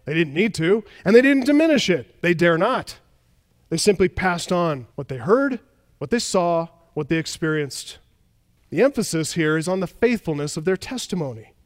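A man's voice: high voice, in a large hall. A man preaching an expository sermon as a pastor, emphatic, with repeated phrases and rhetorical questions.

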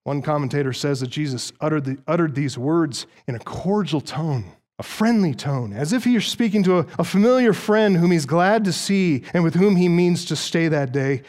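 A man's voice: on the high side, expressive, moderate pace, darkish tone. A man preaching an expository sermon, earnest and emphatic, with occasional dry asides to the congregation. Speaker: pastor.

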